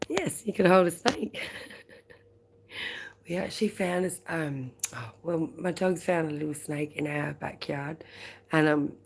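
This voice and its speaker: A woman's voice: low-pitched, unhurried, gravelly, pauses often, husky. An Australian woman hosting a late-night live stream, chatting casually with viewers, rambling and laughing often. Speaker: livestream host.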